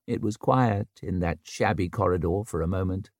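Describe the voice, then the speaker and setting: A man narrating a fantasy audiobook in a measured, scripted way, recorded close to the mic. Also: sits low, darkish tone, dry recording. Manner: measured, unhurried.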